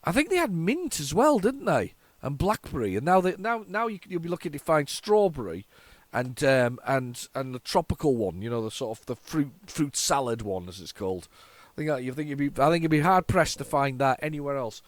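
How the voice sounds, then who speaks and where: A man's voice: mid-range voice, sing-song, a little fast, no echo. A man from the UK hosting a retro computing video, chatting nostalgically and stumbling over repeated words and false starts as he loads an old cassette. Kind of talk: casual solo commentary.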